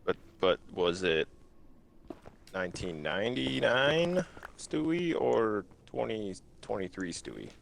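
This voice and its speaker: A man's voice: lowish voice, sing-song, slow pace, vocal fry, slight background noise. A man hosting a casual gaming stream, joking crudely and swearing freely. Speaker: streamer host.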